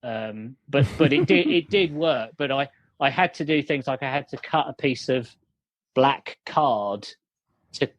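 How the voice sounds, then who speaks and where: A man's voice: medium pitch, unhurried, no echo, highs cut off. A man telling a story over a call, rambling with many fillers and restarts. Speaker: guest, company founder. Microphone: video call.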